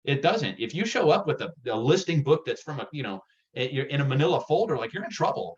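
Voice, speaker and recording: A man giving a real estate sales workshop, energetic and direct, getting worked up as he talks. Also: mid-range voice, fast talker, lo-fi sound. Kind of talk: workshop presentation.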